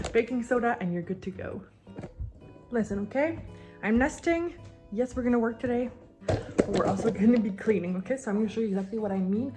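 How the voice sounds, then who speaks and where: A woman's voice: medium pitch, a little mellow. A heavily pregnant young woman with a mother tongue, chatting casually and a bit scattered while she cleans at home, sometimes out of breath. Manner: chatty and scattered, many fillers, laughing at herself. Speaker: vlogger. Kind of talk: casual chat. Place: home, moving between rooms while cleaning.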